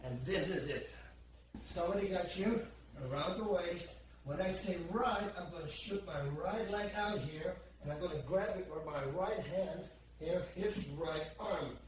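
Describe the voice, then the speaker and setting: A fairly high-voiced man teaches grappling escapes, counting out each move as he works them on a partner. He sits well back from the mic in a very echoey gym, and a faint room hum runs underneath. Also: recorded from a distance. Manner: counts moves aloud while demonstrating holds. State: strained under pressure at times. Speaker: martial arts instructor. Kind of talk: instructional demonstration.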